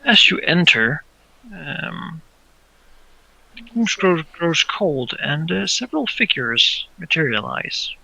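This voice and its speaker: A man's voice: on the high side, very animated, slow pace, gravelly, bright, forceful tone, no room sound, lo-fi sound. A man narrating a tabletop game as game master, describing scenes hesitantly with many fillers.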